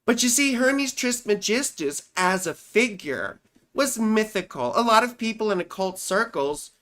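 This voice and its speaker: A woman's voice: mid-range voice, lively intonation, a little slow, a bit bright. A woman astrologer hosting a live stream and lecturing in a rambling, conversational way, with casual slang and asides to her viewers.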